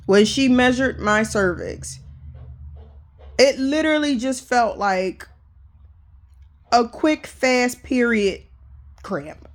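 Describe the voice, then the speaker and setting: A young adult woman candidly telling her personal story in a casual vlog, chatty and emphatic, with lots of fillers. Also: mid-range voice. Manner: emphatic, animated retelling. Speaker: vlogger.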